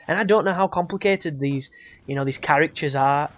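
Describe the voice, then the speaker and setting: A man's voice: fairly high pitch, brisk. A man giving casual, rambling gameplay commentary, swearing freely and laughing often. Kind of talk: casual let's-play commentary. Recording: dull lo-fi audio.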